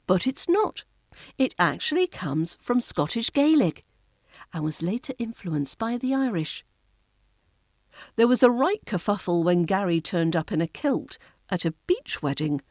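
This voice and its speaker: A woman with a Received Pronunciation accent, teaching as an accent coach in a scripted podcast, crisp and lightly playful as she draws out her example words. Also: medium pitch, sing-song, unhurried, a little mellow, no room sound, studio quality. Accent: Southern English (RP).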